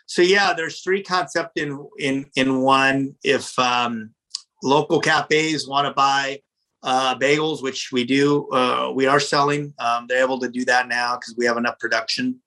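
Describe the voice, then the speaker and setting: A restaurant owner telling a story in his office, animated and profane, often repeating words when he gets worked up. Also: medium pitch, unhurried. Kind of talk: casual storytelling in an interview.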